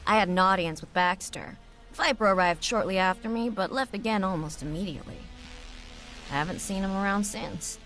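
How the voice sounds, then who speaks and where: An actress playing a polite, apologetic settler in a video game, answering questions in a plain, courteous way. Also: female voice, medium pitch, a little fast, a bit bright, faint music behind, natural voice, low-quality recording. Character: helpful adult female settler, polite and apologetic.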